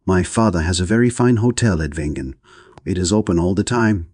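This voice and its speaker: A thin, formal officer at a border post speaks in clipped, officious sentences, voiced by a man reading an audiobook. The voice is deep and husky, close and dry. He stays correct and businesslike. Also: a little fast, darkish tone, no room sound.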